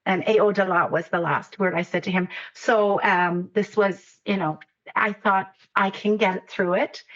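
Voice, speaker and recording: A woman author telling a personal story in a halting, repeating way with frequent laughs, then reading her own poem aloud, heard over a video call. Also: on the low side, lo-fi sound. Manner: warm, halting, laughs often, repeats words. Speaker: poet and author guest.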